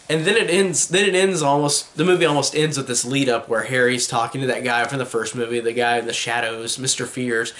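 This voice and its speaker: A man's voice: medium pitch, fairly bright tone. Rambling, enthusiastic young man reviewing films. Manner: rambling and enthusiastic, many restarts and "like" fillers. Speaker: movie reviewer. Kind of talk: casual spoken film review.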